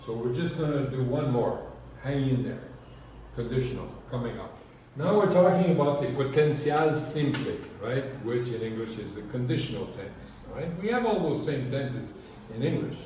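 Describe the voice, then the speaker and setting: A man's voice: mid-range voice, lively intonation, moderate pace, warm tone, slight background noise. A man teaching a language lesson, speaking patiently and checking in often with his students. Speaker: Spanish teacher. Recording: echoey room from far off.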